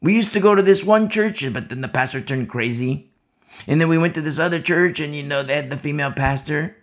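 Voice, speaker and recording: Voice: medium pitch, fairly quick. A Bible teacher giving an informal, conversational talk to a home fellowship, rambling with many asides and restarts.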